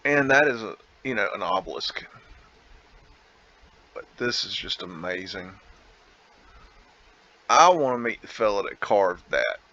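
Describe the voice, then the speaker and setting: A man's voice: on the low side, lively intonation, measured pace, pauses often, bright, forceful tone, muffled recording. A man talking casually over a photo slideshow as host, musing aloud, laughing and rambling. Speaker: vlog host.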